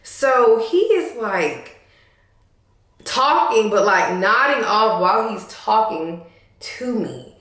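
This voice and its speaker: A young woman telling a storytime to camera in an animated, sassy way, talking straight to her viewers. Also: medium pitch, slow pace. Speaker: vlogger. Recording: echoey room.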